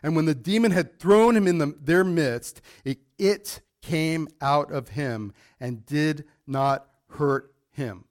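Higher-voiced pastor quizzing his congregation. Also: takes it slowly, few pauses. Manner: animated, quizzes the congregation with questions. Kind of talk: sermon with Bible teaching.

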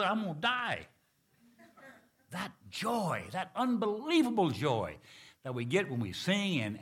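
Animated folksy preacher man. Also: medium pitch, slightly rough. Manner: animated, folksy, shifting between loud exclamations and hushed storytelling. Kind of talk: sermon with storytelling.

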